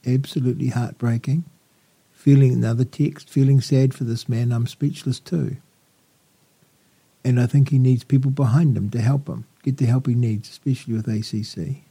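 A man's voice: mid-range voice, fairly even intonation, normal speed, husky. A man hosting a talk radio interview, effusive and full of praise for his guest. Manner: warm, effusive. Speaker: radio host.

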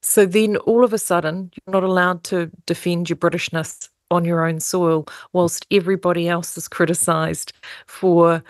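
A woman's voice: lowish voice, steady tone, moderate pace, no echo. A woman from New Zealand interviewing a guest, asking long, articulate questions.

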